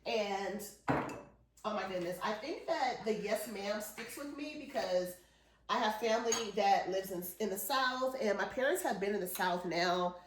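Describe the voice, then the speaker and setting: A woman's voice: mid-range voice, measured pace. A woman in her forties chatting casually through a shopping haul, rambling and enthusiastic. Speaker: haul vlogger. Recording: echoey room.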